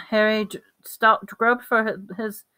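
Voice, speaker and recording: A woman reading a novel aloud at a steady pace, with small slips and restarts. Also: on the high side, slow pace, smooth. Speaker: reader.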